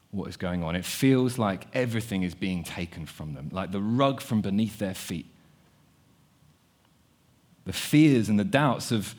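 A young man preaching a sermon, earnest, often repeating words as he thinks aloud. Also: lowish voice. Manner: earnest, repeats words, shifts between quiet and animated.

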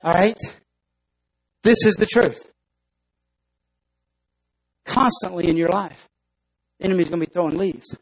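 A male pastor preaches with emphasis and breaks into acted-out scenes. His voice sits high, with a husky edge. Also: measured pace, long pauses, low-quality recording. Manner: emphatic preaching, acts out stories. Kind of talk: sermon.

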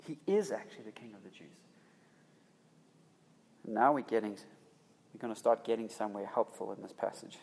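A man's voice: fairly low pitch, moderate pace, vocal fry, long pauses, darkish tone. A man preaching a sermon in an emphatic, conversational way, often restarting his phrases. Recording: long reverb of a hall.

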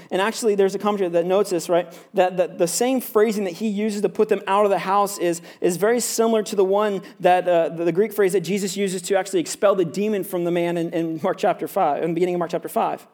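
A man's voice: sits high, fairly even intonation, a little fast, a little mellow. A male pastor preaching a sermon in a loose, conversational way, often asking "right?".

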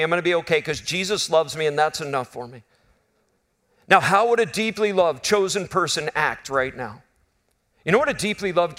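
A man in his fifties preaching a sermon, telling a personal story in an earnest, conversational way. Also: on the high side. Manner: earnest, conversational storytelling, swings from loud bursts to quiet intimacy.

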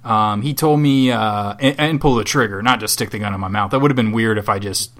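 A man with a lowish, slightly bright voice talks briskly as he co-hosts a podcast out of Southwest Florida. His casual chat rambles along, sardonic and full of profanity.

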